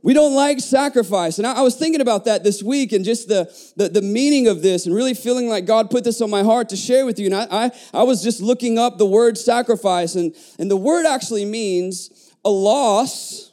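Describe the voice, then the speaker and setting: A middle-aged American pastor with a high, brisk voice preaches animatedly in a church sanctuary. He keeps stopping to restart his phrases and throws in call-and-response asides.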